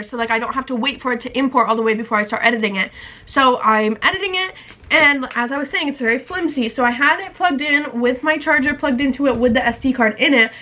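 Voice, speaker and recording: A woman's voice: high-pitched, bright, forceful tone. A young woman vlogger telling a rambling story in a casual chatty style, full of "like" and acted-out quotes.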